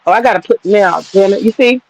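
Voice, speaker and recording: A woman's voice: medium pitch, fast, a little hiss or hum, poor audio. Profane, rambling woman telling a road trip story. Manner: works with her hands while talking. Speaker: streamer. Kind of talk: casual storytelling chat.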